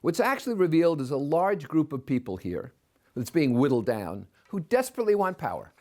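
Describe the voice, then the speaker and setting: A man's voice: on the high side, big pitch swings, brisk, a little mellow. An older man with opinions, delivering a scornful commentary monologue as a podcast host, full of rhetorical questions.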